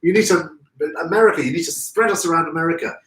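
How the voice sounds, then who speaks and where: A man's voice: on the high side, fast talker, a bit bright. A man hosting a live stream, chatty and effusive, greeting viewers by name. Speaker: host of a live florist show. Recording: echoey room, distant from mic.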